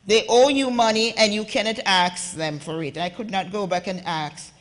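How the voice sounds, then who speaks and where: At a conference, a woman from Jamaica speaks directly to the audience with passion and a Jamaican accent. Her voice is medium in pitch and moderately paced. The recording carries the long reverb of an echoey hall.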